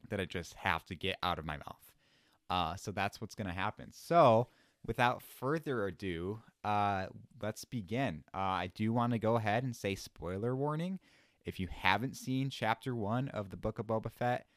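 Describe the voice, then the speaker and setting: A young man hosting a solo podcast, rambling in an excited, self-deprecating way. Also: on the low side, no echo, studio quality. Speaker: podcast host.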